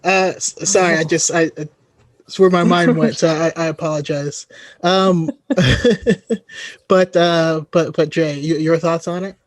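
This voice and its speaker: A man hosting a podcast who talks slowly and hesitantly, with plenty of fillers. His voice sits a little high for a man. He is recorded close and dry. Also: steady tone, dry recording. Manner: hesitant, apologetic, many fillers. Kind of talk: casual podcast discussion.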